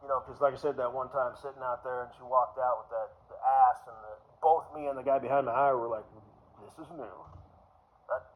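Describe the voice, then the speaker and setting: A man's voice: mid-range voice, steady tone, fast, few pauses. A man rambling through a crude personal story, full of fillers, trailing off into mumbles. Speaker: vlogger. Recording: dull lo-fi recording.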